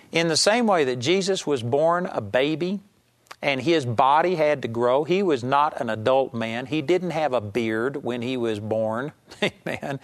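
A man teaching a sermon series on healing, talking in a conversational, emphatic way and reading scripture aloud slowly. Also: mid-range voice. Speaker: Bible teacher.

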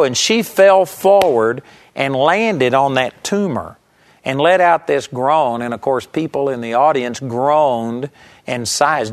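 A man preaching a sermon, telling a story emphatically and swinging between loud passages and hushed ones. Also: medium pitch.

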